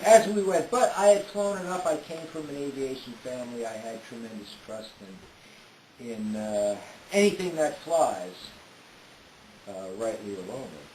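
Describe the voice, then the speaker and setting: A man telling a detailed first-person story in an unhurried way, often pausing on "uh". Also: medium pitch, darkish tone. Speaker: storyteller recounting a trip. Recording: roomy with faint hiss.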